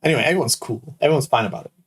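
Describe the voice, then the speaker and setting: A man's voice: medium pitch, expressive, very fast, breathy edge. A man in his thirties, a show host, telling a rambling personal anecdote full of "like" and "right?". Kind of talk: casual storytelling.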